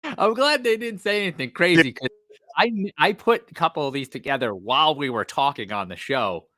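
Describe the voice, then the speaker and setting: A man co-hosts a podcast in a chatty, laughing way. His voice is bright and rises and falls a lot, and it is recorded dry and close. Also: fairly high pitch, animated, normal speed, dry recording. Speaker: podcast co-host. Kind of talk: casual podcast chat.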